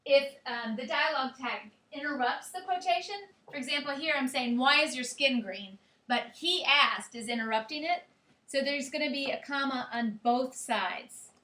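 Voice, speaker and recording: Woman teacher lecturing a class; high, bright voice in a roomy, echoing classroom. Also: normal speed. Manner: explanatory, checks in with students. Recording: echoey classroom.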